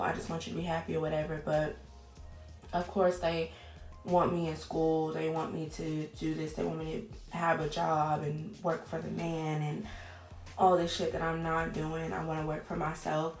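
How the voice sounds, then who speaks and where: A woman's voice: low-pitched, a little mellow. A woman, candidly chatting to camera in a casual vlog, swearing now and then. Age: 20s. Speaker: vlogger. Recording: echoey room with faint music.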